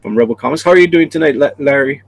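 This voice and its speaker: Stream host, male, gravelly, dry close sound, chatty chat-reader. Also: medium pitch, very fast, dry recording, low-quality recording. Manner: reads chat messages aloud, chatty. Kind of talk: casual live stream chat.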